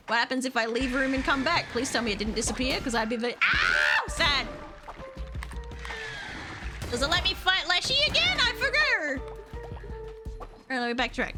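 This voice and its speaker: A young woman streaming a game, reacting loudly, swearing and talking to her chat, with game music behind her. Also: high voice. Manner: excitable, swears a lot, talks to chat. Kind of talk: live gameplay commentary.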